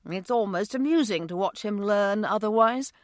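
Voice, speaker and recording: A woman voicing a steady, kind husband and father who speaks calmly and reassuringly. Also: mid-range voice, moderate pace, no room sound, studio quality, natural voice.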